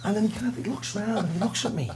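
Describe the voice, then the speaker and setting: A man from Liverpool with a Liverpool accent, a guest drummer telling a lively, self-mocking story in an interview. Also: high voice, very fast, background noise. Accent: Liverpool English. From Liverpool, England.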